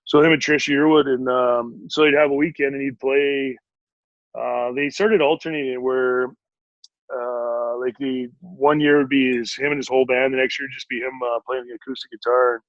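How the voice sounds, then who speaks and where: A man in his forties, a retired hockey player and podcast guest, telling a long story in a rambling, animated way with many fillers. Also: mid-range voice, moderate pace, no echo, dull audio. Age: 40s. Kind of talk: casual storytelling in an interview.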